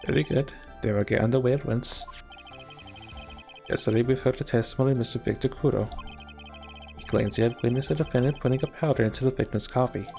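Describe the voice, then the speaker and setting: A man's voice: mid-range voice, fast, vocal fry, pauses often, a little mellow, faint music behind, close to an everyday voice. Formal judge, confused and fussy, a man voicing him.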